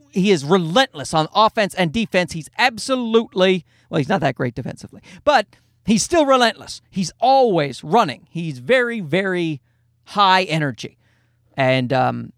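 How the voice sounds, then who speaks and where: A man's voice: high-pitched, dry recording, studio quality. A male podcast host and stand-up comedian telling a rambling, profane, self-deprecating comic story.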